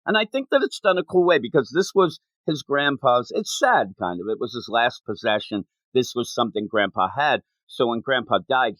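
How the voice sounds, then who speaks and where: A man co-hosting a casual podcast, talking with animated energy and laughing often as he acts out bits. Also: mid-range voice, no room sound, low-quality recording. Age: adult, not young. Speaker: podcast co-host.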